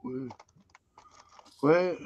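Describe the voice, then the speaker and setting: A man's voice: sits high, animated, very slow, gravelly. A man hosting a casual livestream chat, easygoing and self-deprecating, laughing often. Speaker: livestream host. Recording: dull, dry lo-fi sound.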